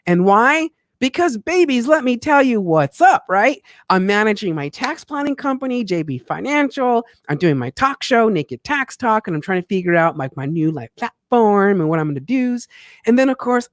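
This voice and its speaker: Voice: medium pitch, no echo, clean studio sound. A tax consultant hosting a live talk show, chatting playfully and affectionately with viewers. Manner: animated, swings in loudness and speed. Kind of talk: casual livestream monologue.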